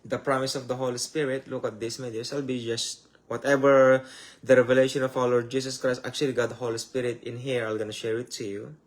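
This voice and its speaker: A man's voice: mid-range voice, level tone, fast talker. A man with a Filipino accent, a native Tagalog speaker, gives a Bible teaching in English in a loose, conversational way. He keeps calling his listeners "my dears" and repeats rhetorical questions. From Philippines. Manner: loose and conversational, starts phrases over. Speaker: preacher. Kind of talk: live-streamed Bible teaching.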